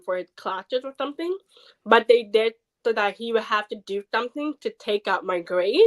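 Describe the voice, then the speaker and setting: A woman's voice: on the high side, rough recording. A woman guest who is hard of hearing, telling a personal story in a podcast interview and acting out what others said. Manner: animated, acts out quoted people.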